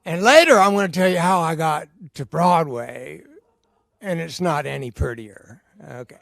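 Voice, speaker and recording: A man in his sixties tells a personal story from a theater stage in a fairly high voice. He acts out every exchange and bursts into shouts. The sound is dry and close. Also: moderate pace, vocal fry, dry recording. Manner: animated, acts out dialogue with shouts.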